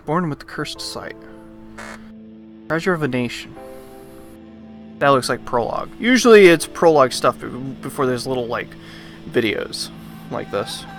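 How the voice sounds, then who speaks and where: A man's voice: mid-range voice, a little slow, long pauses, soft background music. Man reading game text with rants. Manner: reads narration, then breaks off into animated, joking rants. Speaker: let's play host.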